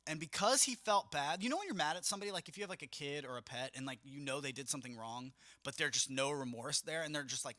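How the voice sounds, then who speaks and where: Bright, animated young man telling stories. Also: a little high, quick pace, hardly any pauses, no room sound, clean studio sound. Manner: animated, acts out quotes, swears casually. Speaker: mobile DJ and podcast host. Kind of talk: casual storytelling monologue.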